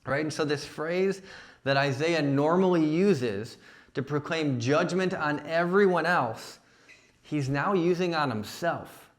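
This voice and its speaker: A man's voice: on the high side, slow. A man giving a sermon at a young adults retreat, conversational, often checking in with "right?". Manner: conversational preaching, frequent "right?" and "like". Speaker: young adult ministry speaker. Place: church retreat session.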